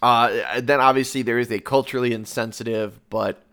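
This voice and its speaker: A man's voice: mid-range voice, steady tone, normal speed, a bit bright, clear, resonant tone. A man co-hosting a podcast in casual chat, laughing often and swearing freely. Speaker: podcast co-host.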